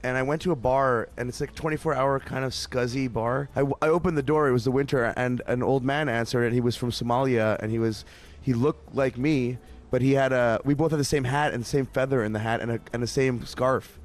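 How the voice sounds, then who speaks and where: A man's voice: mid-range voice, fairly even intonation, fairly quick. A man from Canada, a musician interview guest, telling stories in a rambling way with many restarts. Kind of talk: casual interview chat.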